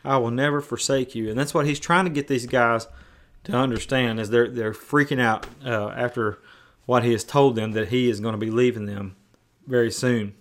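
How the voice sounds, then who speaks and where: A man's voice: medium pitch, normal speed. A male pastor preaching a sermon in a conversational way, often repeating words and restarting.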